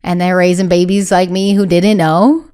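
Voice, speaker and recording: Young woman guest; smooth, clear voice; lively storyteller who acts out quotes. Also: fairly low pitch, normal speed. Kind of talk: candid podcast conversation.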